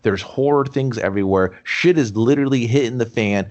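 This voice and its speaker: A man's voice: medium pitch, fairly quick, a little mellow, highs cut off. A man co-hosting a casual movie review chat, ranting in profane disbelief. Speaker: podcast co-host.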